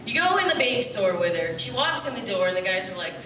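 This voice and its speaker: A woman's voice: medium pitch, big pitch swings, fast, fairly bright tone, a little hiss or hum. A woman from upstate New York, telling rambling, joking stories to a festival audience from a theater stage. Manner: chatty, joking, loose asides. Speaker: poet performing at a festival. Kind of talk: rambling comic stage storytelling. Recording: echoey theater, distant mic.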